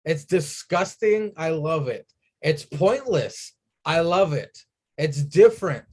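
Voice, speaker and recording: A man recapping wrestling on a casual podcast. He talks slowly and fills gaps with "uh". His voice sits a little higher than most men's. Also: expressive, darkish tone, slightly rough. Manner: unhurried, filler-heavy recap with dry asides. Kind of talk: casual chat.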